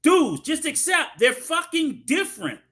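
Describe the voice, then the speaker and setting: Guy with a real high bright voice, cussing and riffing, pitch jumping all over. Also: measured pace. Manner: profane, animated storytelling. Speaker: podcast co-host. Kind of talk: casual chat.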